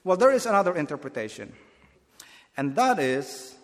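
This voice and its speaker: A man's voice: fairly high pitch, big pitch swings, normal speed, long reverb tail. A man preaching a Bible teaching sermon, earnest and explanatory, often restarting his phrases.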